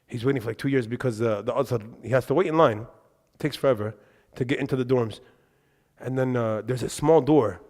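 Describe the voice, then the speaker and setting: A man giving a religious lesson in a mosque, telling lively anecdotes with quick asides. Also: mid-range voice. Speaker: religious teacher. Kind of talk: storytelling lesson to a congregation. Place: mosque hall. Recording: reverberant mosque hall.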